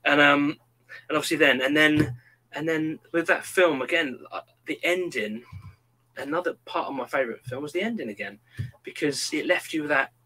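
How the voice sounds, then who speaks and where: A man's voice: a little high, normal speed, husky, rough recording. A man in his thirties, chatting casually and acting out quotes as he tells stories. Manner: animated storyteller, acts out quotes. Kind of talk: casual chat.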